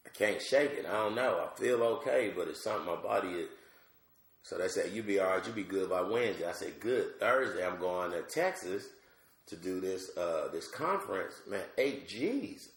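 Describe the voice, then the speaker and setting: A man from Georgia telling a comic story in casual chat, animated and acting out other people's voices. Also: reverberant. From Georgia, USA. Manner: animated, acts out voices with big pitch jumps. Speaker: comedian guest.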